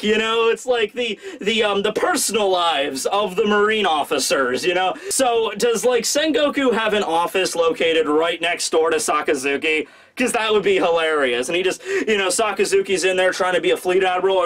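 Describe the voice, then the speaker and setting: A man hosting a casual, animated, joking review of a comic chapter. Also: high voice, normal speed, hardly any pauses. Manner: animated, chatty, jokey. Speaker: manga reviewer, channel host.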